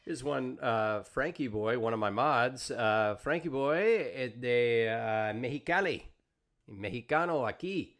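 A man's voice: mid-range voice, expressive, measured pace, a bit bright. A man hosting a casual interview podcast. He reads out viewer questions with plenty of uh and um, easygoing and friendly in tone. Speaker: podcast host.

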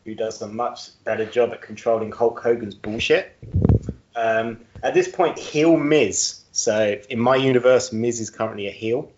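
A man's voice: mid-range voice, a little slow, darkish tone, slight background noise. A man co-hosting a podcast in casual chat, joking and laughing at his own jokes. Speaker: podcast co-host. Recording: roomy, dull-sounding audio.

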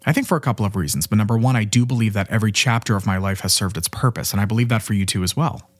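A man's voice: lowish voice, rapid-fire, dry recording. A man in his twenties, a podcast host and life coach, giving an earnest motivational self-help monologue and often checking in with "you know" and "right?". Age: 20s.

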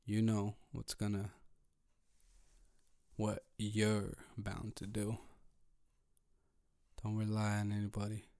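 A man hosting his own podcast, talking slowly and calmly while thinking aloud, in a laid-back, low-energy way. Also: no room sound, clean studio sound. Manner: slow, calm, thinking aloud. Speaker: podcast host. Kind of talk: solo motivational podcast talk.

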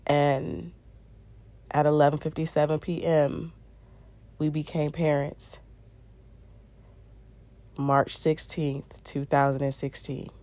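A woman's voice: low-pitched, flat delivery, slow, long pauses, dark tone. A young woman vlogger casually recounting a personal story, full of "um" and "I'm like" asides. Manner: conversational, frequent "um" and "I'm like" quoting.

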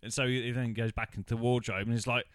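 A man's voice: mid-range voice, steady tone, quick pace, no room sound, clean studio sound. A man co-hosting a podcast, rambling through a film's plot in casual chat and laughing often. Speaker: podcast co-host. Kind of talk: casual film review chat.

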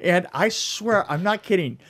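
A man's voice: on the high side, lively intonation. A man co-hosting a podcast, telling a long rambling story in casual chat, stumbling over words and laughing often. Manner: rambling, halting, laughs a lot. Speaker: podcast co-host.

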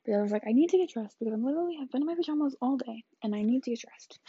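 A woman's voice: sits high, lively intonation, very fast, mellow, husky, no room sound, lo-fi sound. An eighteen-year-old woman chatting through a rambling vlog story, often dropping into whispered asides. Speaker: vlogger.

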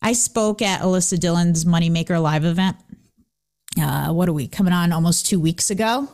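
A woman hosting a casual motivational talk, lively and laughing often as she acts out what people said. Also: on the low side, moderate pace. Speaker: host.

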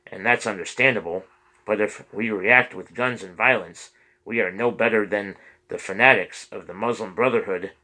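A man's voice: fairly low pitch, sharp tone, poor audio. A man reading the lines of an earnest priest who pleads with his congregation for peace. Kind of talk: audiobook character reading.

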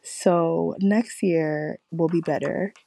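A woman's voice: deep voice, steady tone, slow pace, vocal fry, dark tone, no echo. A young woman in casual chat, talking hesitantly with many fillers and some dry humor.

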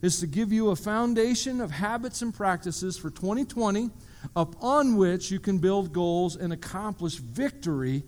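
A man's voice: high-pitched, animated, normal speed. A man preaching a sermon to a congregation, telling a story vividly and dropping joking asides. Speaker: pastor.

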